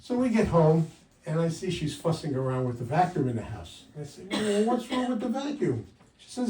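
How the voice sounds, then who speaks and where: A man in his sixties doing a stand-up comedy set with wry, punchy delivery, jumping louder for quoted lines. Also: a little high, big pitch swings, moderate pace. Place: comedy club stage. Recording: roomy live sound from a distance.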